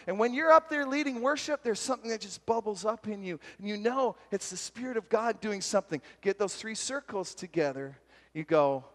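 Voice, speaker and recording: A man giving a retreat sermon, telling a story and acting out its voices with lively energy. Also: high-pitched, normal speed. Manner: animated, acts out voices in stories. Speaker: retreat speaker. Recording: long hall reverb.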